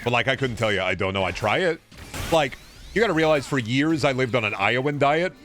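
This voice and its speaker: A man's voice: mid-range voice, animated, fairly quick, a bit bright, soft background music. Rambling, profane male streamer. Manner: rambling, profane, stammering restarts. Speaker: game streamer. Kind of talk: casual chat while streaming a game.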